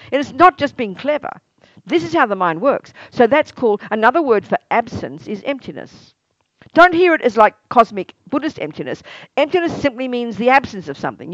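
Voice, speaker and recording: Animated woman teaching Buddhist ideas. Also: on the high side, dry recording, dull audio. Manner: lively, asks many rhetorical questions; acts out everyday exclamations. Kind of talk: teaching a meditation course.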